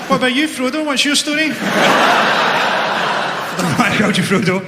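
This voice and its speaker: A man's voice: high-pitched, big pitch swings, normal speed, long pauses, heavy background noise. A man doing stand-up crowd work in a comedy club, roasting the front row with sardonic insults. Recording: echoey club hall, roaring crowd laughter. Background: crowd laughter.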